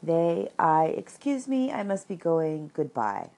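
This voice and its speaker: A woman voicing a timid, anxious young male piglet who talks in a squeaky, nervous way. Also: sing-song, slow pace, a little mellow, full character voice. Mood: flustered.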